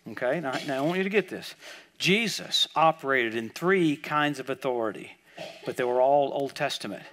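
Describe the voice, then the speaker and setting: A man with a somewhat higher-pitched voice preaches at a church service. He tells stories animatedly, sliding from hushed asides into loud, emphatic outbursts. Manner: storytelling, swings from quiet asides to loud emphatic bursts. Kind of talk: sermon.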